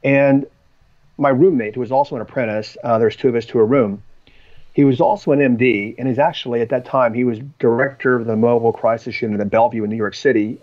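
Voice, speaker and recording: On slightly dull lo-fi audio, a man appears as a podcast guest, his mid-range voice a little mellow. He tells personal stories conversationally but rambles, with lots of ums and false starts.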